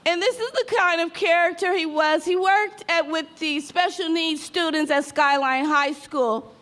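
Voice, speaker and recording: A woman with a high voice speaks to a gathering about a painful loss. She is heartfelt and tries to stay composed. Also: a little slow, a bit bright. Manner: tearful at times, heartfelt, fighting to stay composed. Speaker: grieving mother speaking at a public meeting. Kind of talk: emotional public statement.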